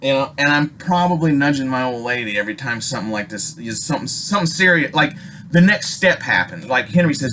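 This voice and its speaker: Profane, animated male storyteller. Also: brisk, a little hiss or hum. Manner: profane, animated, pitch swings. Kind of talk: casual spoken storytelling.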